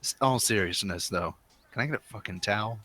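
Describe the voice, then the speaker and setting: A man's voice: lowish voice, a little fast, sharp tone. A man playing a tabletop game, laid-back and joking. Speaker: player. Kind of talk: casual tabletop game play.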